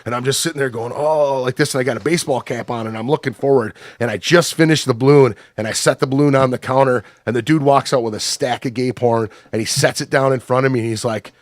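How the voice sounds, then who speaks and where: A man's voice: medium pitch, steady tone, quick pace, hardly any pauses, dry recording, clean studio sound. Profane rambling storyteller man. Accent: Upper Midwest American. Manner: profane, rambling anecdotes full of fillers. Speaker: podcast guest. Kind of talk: casual storytelling.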